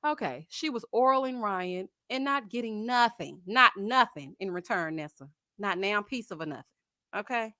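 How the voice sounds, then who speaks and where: A woman hosts a casual live chat and answers viewer comments with lively gossip. She laughs often and uses plenty of slang. Her voice sits in a middle pitch, and it is recorded dry and close to the mic. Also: moderate pace, no room sound. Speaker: host of a live chat stream.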